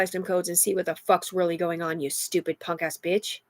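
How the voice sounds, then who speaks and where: A woman's voice: on the low side, level tone, brisk, no room sound. A middle-aged woman in an agitated, rambling livestream monologue, heavy with profanity.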